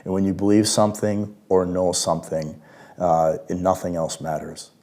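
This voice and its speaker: A man with a gentle, reflective manner, giving a devotional talk as worship leader, sometimes dropping to a hush. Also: deep voice, level tone, normal speed. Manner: gentle, reflective, with hushed quiet passages.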